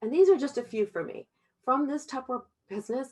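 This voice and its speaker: A woman's voice: high-pitched, animated, fast talker, darkish tone. A middle-aged woman giving a heartfelt motivational sales talk over a video call, chatty and often checking in with "okay?". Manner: chatty, tags sentences with "okay?" and "all right?"; heartfelt, gets emotional at times. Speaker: Tupperware sales consultant presenting to a team.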